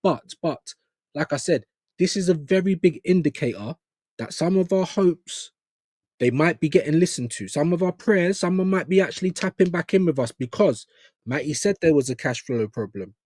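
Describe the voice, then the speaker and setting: A man's voice: fairly high pitch, lively intonation, normal speed, a little mellow, dry recording, studio quality. A man co-hosting a casual football chat, chatty and emphatic, with slang. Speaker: co-host.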